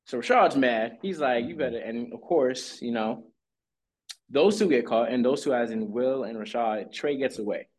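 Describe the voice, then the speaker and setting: A man co-hosting a casual podcast recap, telling the story with lively swings and quick acted-out lines. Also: medium pitch. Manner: animated storytelling, acting out lines in quick voices. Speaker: podcast co-host.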